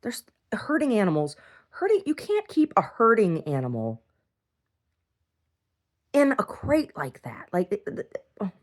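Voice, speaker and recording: A woman's voice: medium pitch, huge pitch swings, unhurried, long pauses. A middle-aged woman talking casually in a video diary, blunt and swearing freely as she rambles from one complaint to the next. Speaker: video diarist.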